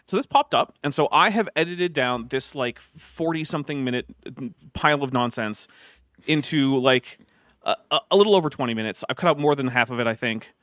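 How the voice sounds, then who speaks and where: A man hosting a casual livestream chat, talking in a relaxed way with lots of uhs and restarts. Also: mid-range voice, fairly quick, no room sound, clean studio sound. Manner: relaxed, filler-heavy talk with frequent uhs and restarts. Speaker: host.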